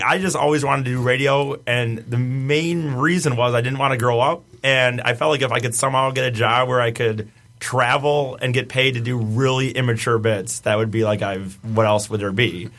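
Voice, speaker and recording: A man's voice: medium pitch, fairly bright tone. A young man on a casual podcast, telling his side sheepishly and defending himself. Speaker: radio show member.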